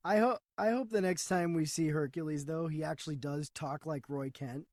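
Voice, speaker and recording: A man's voice: a little high, normal speed, a little mellow, no room sound, clean studio sound. A man co-hosting a casual movie review podcast, mostly chiming in with short agreeing remarks. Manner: agreeable, brief interjections. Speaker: podcast co-host.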